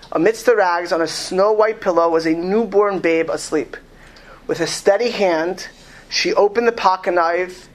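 Guy reading a story out loud to a room, slow and heavy, lots of restarts. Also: sits high. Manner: reads slowly and with emphasis, with frequent restarts. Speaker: speaker reading a story to an audience. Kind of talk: lecture with read-aloud story.

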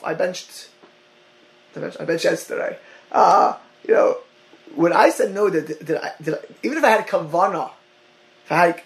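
A man with a fairly high, gravelly voice teaches a Torah class to listeners on a call. He speaks in halting bursts, restarting and repeating words. He drops Hebrew and Yiddish terms into his English. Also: poor audio.

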